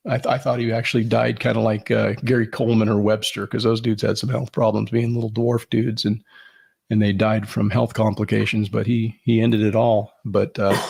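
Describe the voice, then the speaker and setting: A male podcast host with a gravelly, fry-edged voice that sounds husky and a bit worn. He chats casually and haltingly, stopping and restarting his sentences with plenty of fillers. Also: on the low side, flat delivery, darkish tone. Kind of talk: casual chat.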